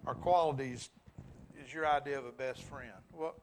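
A middle-aged man with an Alabama Southern accent teaches a Bible class, putting questions to the group, chuckling, and often restarting his sentences. His mid-range voice is a little mellow and moves at a normal speed, with a slight hiss or hum in the recording.

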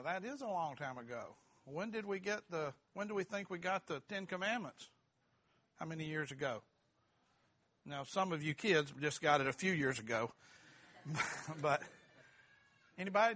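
A man's voice: fairly high pitch, a bit bright. A middle-aged man teaching a church Bible class, joking and quizzing the group. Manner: folksy, asks the group questions, self-deprecating humor.

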